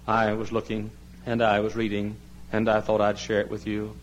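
A man preaching a sermon as pastor, pleading loudly and then dropping low and quiet. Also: monotone, normal speed, highs cut off, slight background noise. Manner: impassioned preaching, swinging from loud high pleading to low quiet tones.

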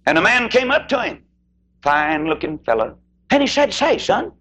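A man preaching a sermon in an emphatic way, swooping between high cries and low murmurs. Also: big pitch swings, normal speed, sharp tone.

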